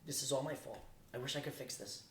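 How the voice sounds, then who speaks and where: A man voicing a gentle, reassuring teenage boy speaking over the phone. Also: steady tone, fast talker, natural voice. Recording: roomy distant recording, faint rumble.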